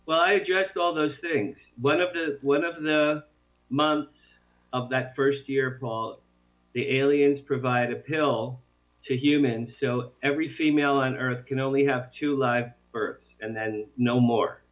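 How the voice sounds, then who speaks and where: A man being interviewed about his novel, telling it in a rambling, animated way with many restarts. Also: medium pitch, unhurried. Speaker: author guest. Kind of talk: casual radio interview. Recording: tinny phone line.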